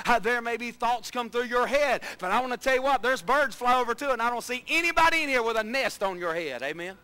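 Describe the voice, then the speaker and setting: A male pastor preaching a sermon, swinging between soft asides and shouted emphasis, often talking straight to the congregation. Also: very high-pitched, animated, quick pace, few pauses, clean tone, poor audio.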